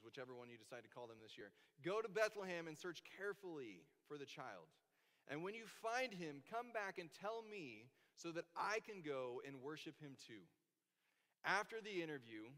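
A man preaching a sermon in church, telling the story in a lively way and acting out the quoted voices. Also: fairly high pitch. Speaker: pastor. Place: church sanctuary. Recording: long hall reverb.

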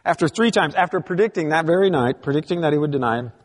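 A man's voice: a little high, expressive, quick pace, long reverb tail. A man preaching a sermon, reading scripture aloud with emphatic rises and drops in his delivery. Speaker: pastor.

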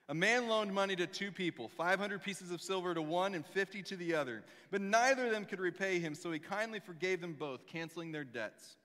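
A man in his thirties preaching a sermon, telling stories with lively, dramatic pauses. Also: fairly high pitch. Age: 30s. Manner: animated storytelling, reads scripture aloud with dramatic pauses. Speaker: pastor. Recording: long reverb of a large hall.

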